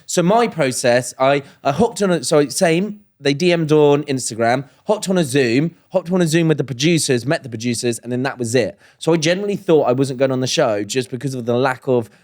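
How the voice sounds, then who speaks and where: A man's voice: mid-range voice, expressive, a little fast, few pauses, a little mellow. A man with an English accent co-hosting a casual chat, teasing and pushing eagerly for gossip. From England. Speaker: podcast co-host.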